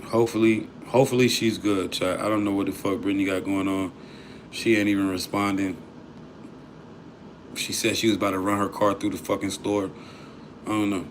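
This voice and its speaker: A man's voice: fairly low pitch, level tone, a little fast, long pauses, slight background noise. A man hosting a livestream, talking loosely and profanely to his chat in disbelief. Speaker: livestream host.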